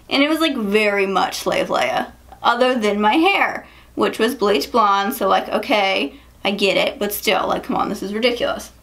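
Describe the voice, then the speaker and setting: A woman's voice: medium pitch, fairly bright tone. A young woman vlogger chatting casually about makeup and telling a story, full of "like" and "um". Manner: chatty, lots of "like" and "um", quick laughs. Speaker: beauty vlogger.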